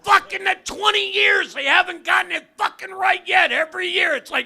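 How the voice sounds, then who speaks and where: An older man doing a stand-up comedy set in a club, loud and profane, often shouting his punchlines. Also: very high-pitched, animated, a little fast, creaky, a faint crowd. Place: comedy club stage, live audience.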